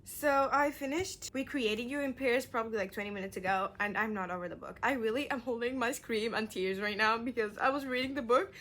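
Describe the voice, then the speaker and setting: Chatty excitable woman, native Arabic speaker. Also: fairly high pitch, brisk, hardly any pauses. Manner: chatty and excitable, lots of "like" fillers. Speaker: book vlogger. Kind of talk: casual reading vlog chat.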